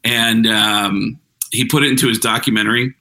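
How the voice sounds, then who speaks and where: A man's voice: lowish voice, moderate pace, poor audio. A man, a stand-up comedian, telling a story in a casual interview, cursing freely and slipping into voices. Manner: profane, animated, slips into voices.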